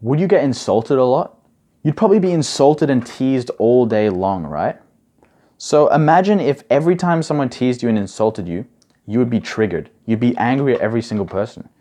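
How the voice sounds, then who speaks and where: A man's voice: mid-range voice, animated, normal speed, warm tone. A young man giving casual advice as a coach, chatty and full of "like" and "bro". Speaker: study coach.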